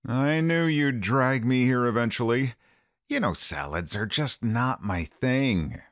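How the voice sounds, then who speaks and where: A man's voice: mid-range voice, expressive, takes it slowly, dry recording, clean studio sound. A man voicing a reluctant friend in a scripted textbook dialogue, grudging about salads.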